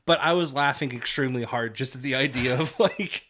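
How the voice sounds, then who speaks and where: A man's voice: medium pitch, brisk, a bit bright. A man with an ordinary mid-range voice co-hosts a film podcast in a loose, casual chat. He talks animatedly, laughs often and pads his sentences with fillers. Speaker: podcast co-host.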